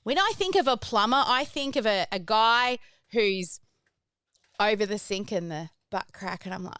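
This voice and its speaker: A chatty, excitable woman hosts a live online business workshop. Her voice is bright and crisp, and it sounds dry and close. She talks with lots of bounce and is quick to laugh. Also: medium pitch, no room sound. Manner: bubbly, excitable, chatty, prone to squeals and laughter. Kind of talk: energetic live webinar presenting.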